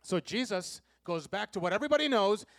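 A man preaching a sermon, leading the congregation in call-and-response and repeating key lines, swinging between loud emphasis and soft, low asides. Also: lively intonation, a little fast, no room sound, clean studio sound. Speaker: pastor.

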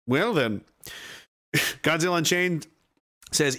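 A young man chats casually on a livestream, reading chat messages aloud in a crude, profane way and breaking into mock rants and high-pitched yells. He keeps a measured pace with long pauses.

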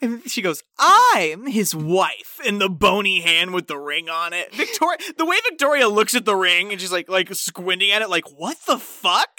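A woman's voice: mid-range voice, fairly quick, few pauses, dry recording, clean studio sound. A woman co-hosting a podcast, retelling a film's plot expressively and acting out the characters' quotes. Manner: expressive storytelling with acted-out quotes. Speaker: podcast co-host. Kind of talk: casual film-recap chat.

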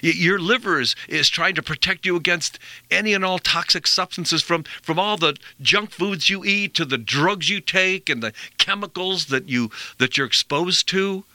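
Bright-voiced male radio host, dry studio sound. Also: high voice, normal speed, no echo. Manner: rambling, earnest, repeats himself. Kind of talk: conversational health talk.

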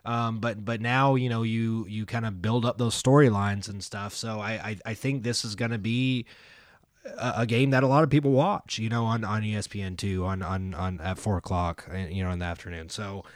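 A man's voice: lowish voice, fairly even intonation, normal speed, dry recording, studio quality. A man co-hosting a casual sports podcast, rambling with many fillers and restarts. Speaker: podcast co-host.

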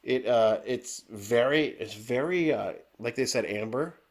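A man's voice: mid-range voice, a little slow. Brief: man, stuffy nose, podcast beer reviewer on a video call, meandering and full of fillers. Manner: rambling, many fillers and restarts. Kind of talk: casual chat.

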